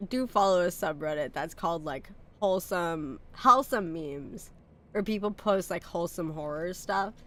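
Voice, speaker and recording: A woman's voice: medium pitch, a bit bright. A sick woman streamer with a sore throat and a nasal voice, chatting casually and swearing as she plays a horror game.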